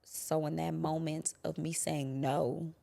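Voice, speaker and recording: A young adult woman quietly recounting a painful personal experience, halting and sometimes dropping to a whisper. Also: deep voice, level tone, creaky. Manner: quiet, halting, drops to a whisper at hard moments. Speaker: guest telling her story. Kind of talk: personal testimony.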